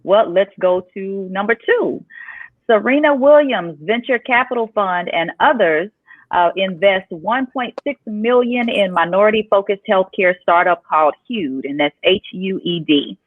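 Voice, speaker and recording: A woman's voice: medium pitch, unhurried, no room sound. A woman co-hosting a talk show, reading out news items in an upbeat way. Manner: upbeat, reads items then asks for thoughts. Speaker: co-host. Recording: dry, tinny phone-like line.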